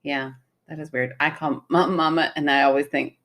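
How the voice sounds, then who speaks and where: A woman's voice: sits low, fairly even intonation, normal speed, a bit bright. A woman, co-hosting a podcast, chatting and reading stories aloud, laughing easily. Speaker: podcast co-host. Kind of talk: casual chat, reading a listener story.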